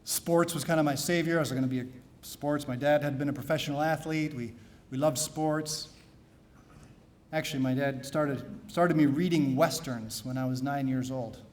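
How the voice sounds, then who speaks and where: A man, a priest, giving a keynote talk at a conference, telling stories softly and then preaching loud and emphatic. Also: on the high side, normal speed. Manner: storytelling, shifting from soft confiding to loud emphatic preaching. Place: conference hall.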